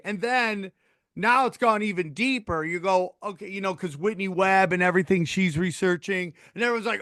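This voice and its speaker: A man's voice: sits high, fairly quick, fairly bright tone, dry recording, clean studio sound. A man hosting a podcast in casual chat, talking in an earnest, rambling way. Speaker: podcast host.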